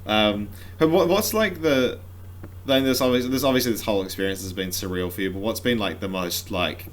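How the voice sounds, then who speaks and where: A man hosts a podcast in a fairly low voice. He asks his questions haltingly, often stopping and restarting. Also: slight background noise. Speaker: podcast host. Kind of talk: casual chat.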